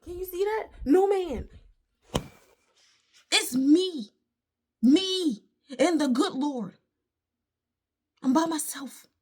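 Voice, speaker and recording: A high-pitched woman, ranting straight into her phone at home. She talks emphatically and in exasperation, with quick appeals to faith. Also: animated. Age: late 20s. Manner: frustrated, emphatic ranting with religious asides. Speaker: vlogger. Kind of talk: venting straight to camera. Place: at home, indoors.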